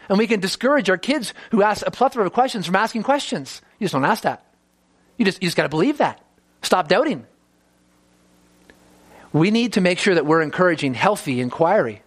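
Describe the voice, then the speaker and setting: A man preaching a sermon, earnest, often repeating words as he starts a sentence and acting out the voices he quotes. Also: a bit bright. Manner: acts out quoted voices with rising pitch.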